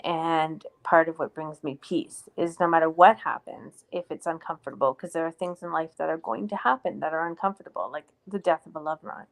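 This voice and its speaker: A woman's voice: sits low, steady tone, fairly quick, gravelly, few pauses. Earnest woman co-hosting a live chat. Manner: earnest, reflective, reads out viewer comments. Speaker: co-host of a live stream. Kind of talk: casual live-stream chat.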